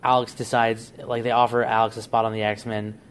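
A man's voice: medium pitch, little pitch movement, fairly quick, a little hiss or hum. A man on a podcast, casually laying out a plot idea in a rambling way. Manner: rambling storyteller, frequent restarts and "like". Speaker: podcast co-host.

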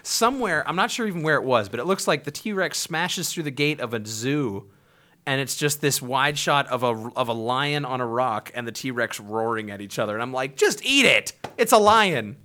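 A man co-hosting a podcast, chatting casually about movies in an animated, sarcastic way, swearing and laughing often. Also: medium pitch, normal speed. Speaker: podcast co-host.

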